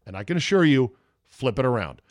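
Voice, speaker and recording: A man's voice: mid-range voice, big pitch swings, brisk, dry recording, clean studio sound. A man hosting a solo sports podcast, blunt and profane, mocking the takes he quotes. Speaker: podcast host. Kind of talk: opinionated solo sports talk.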